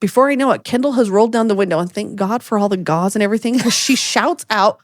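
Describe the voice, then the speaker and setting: This podcast co-host, a woman in her forties, talks at a quick pace with hardly any pauses, in studio quality with no echo. Telling a story in casual conversation, she animatedly acts out the quotes, jumping widely in pitch.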